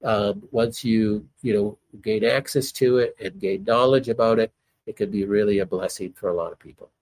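A man who is a doctor, a guest on a call, explaining in a relaxed way with many fillers. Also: fairly low pitch, moderate pace, no echo. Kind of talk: explanatory conversation.

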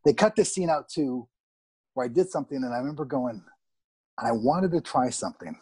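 A middle-aged man from Canada, an actor, telling candid, animated stories about film sets in a casual interview and swearing freely. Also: mid-range voice, a little fast, husky, no room sound. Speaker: actor guest.

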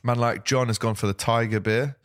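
A man's voice: mid-range voice, steady tone, a little fast, no room sound, clean studio sound. A man hosting a casual live stream, chatting with a guest and reading out viewer comments in a jokey way. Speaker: host.

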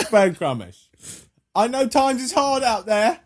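A man's voice: very high-pitched, big pitch swings, slow pace, heavily acted. A man putting on a mock Cockney accent as a scruffy male pub-goer begging for bread, in an exaggerated, giggly way. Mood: pleading.

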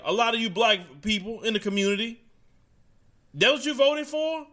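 A man's voice: very high voice, expressive, normal speed, bright, forceful tone. A man delivering a heated opinion monologue straight to his audience, preachy and casual, mocking the people he quotes. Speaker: commentator.

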